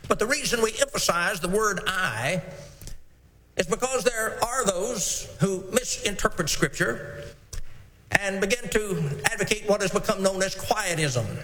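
High-voiced preacher in a reverberant hall. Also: male voice, sharp tone, a little hiss or hum. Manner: measured, emphatic scripture reading. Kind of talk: sermon.

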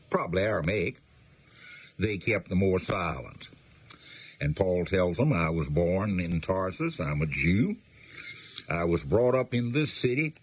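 Male Bible teacher, very low and husky, reads verses then explains them plainly.

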